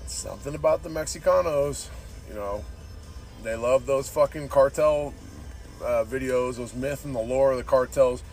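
A man's voice: medium pitch, normal speed, darkish tone, soft background music. A man hosting a podcast, talking in a casual, rambling way, swearing often and calling everyone "dude". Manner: profane, laid-back, says "dude" constantly. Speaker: podcast host.

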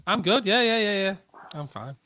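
A man's voice: high-pitched, animated, moderate pace, pushed and bright. A man co-hosting a podcast, chatting casually in a blunt, sweary way and laughing easily. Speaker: podcast co-host. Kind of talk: casual chat.

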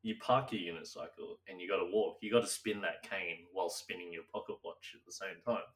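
A man's voice: deep voice, fairly even intonation, a little fast, fairly bright tone, distant mic. A young man co-hosting a casual chat, rambling and laughing often, sometimes slipping into silly old-timey voices. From Australia. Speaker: podcast co-host.

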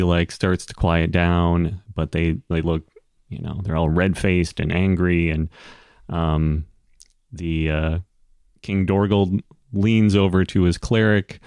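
A man with a very low, smooth voice narrates a tabletop game at an unhurried pace. His delivery is loose and rambling. He sounds close and dry, with no room around him. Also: dry recording. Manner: relaxed, rambling with fillers and laughs. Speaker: game master.

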